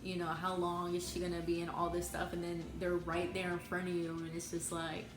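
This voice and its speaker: A young woman with a fairly low voice recounts events in a loose, chatty way, full of little fillers. She sounds like she's in an echoey room, and music plays clearly behind her. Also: brisk. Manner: relaxed, chatty, many fillers. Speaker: vlogger telling her birth story. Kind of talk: casual storytelling.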